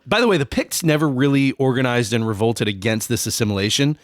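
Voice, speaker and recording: A man's voice: mid-range voice, quick pace, dry recording, studio quality. A man co-hosting a casual podcast, explaining history in a loose, rambling way with many fillers. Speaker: podcast co-host.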